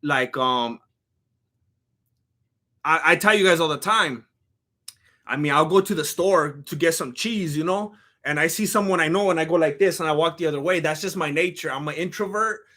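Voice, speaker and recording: Laid-back man with a high voice. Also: normal speed, pushed and bright. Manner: rambling, self-deprecating, laid-back. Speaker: streamer. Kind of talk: casual live-stream chat.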